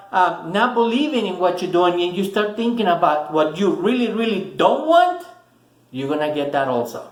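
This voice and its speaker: A man's voice: sits high, echoey room, poor audio. A man giving a casual, earnest motivational talk to camera, repeating words for emphasis. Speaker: motivational vlogger.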